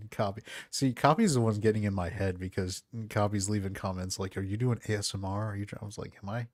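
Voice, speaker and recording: A man hosting a casual podcast, talking in a soft, calm, low-key voice into a close microphone. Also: brisk, dry recording. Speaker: podcast host. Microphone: close studio mic.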